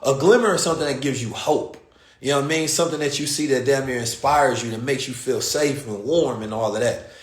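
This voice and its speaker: A man's voice: medium pitch, brisk. A man from the United States hosting a show and telling a story in casual, slangy talk, acting out the people in it. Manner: animated, slangy, acts out quoted voices. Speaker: podcast host. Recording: roomy echo.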